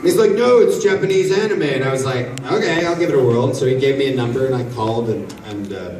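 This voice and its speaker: A man answering questions on a convention panel, telling jokey stories in an animated way. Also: mid-range voice, fast talker. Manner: joking, animated storyteller. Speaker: voice actor convention panel guest. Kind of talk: casual panel Q&A storytelling. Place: large convention hall. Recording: echoey hall from far off. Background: audience crowd noise.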